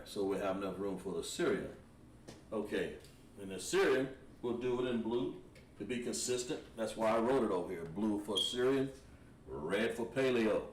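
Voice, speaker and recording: A man teaching a language lesson on a livestream, explaining words patiently and repeating them, with frequent throat clearing. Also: lowish voice. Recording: roomy echo, distant from the mic, faint ambient noise.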